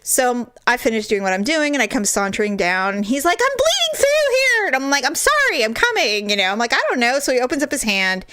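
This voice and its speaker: A woman's voice: fairly high pitch, animated, quick pace, hardly any pauses, bright, forceful tone, slight background noise. A woman in her forties co-hosting a podcast, telling a story in casual chat, acting out quoted voices and laughing often. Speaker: podcast co-host.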